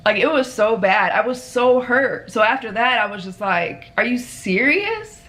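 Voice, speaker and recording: A woman's voice: medium pitch, normal speed. A woman vlogger, candidly recounting a friendship falling-out, full of "like" fillers. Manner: animated storytelling with frequent "like" fillers. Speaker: vlog co-host.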